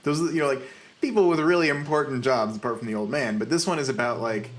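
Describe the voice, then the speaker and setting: Laughing, animated man on a podcast. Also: medium pitch, fast talker. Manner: animated, laughing, quotes lines in a mocking voice. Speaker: podcast co-host. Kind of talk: casual chat.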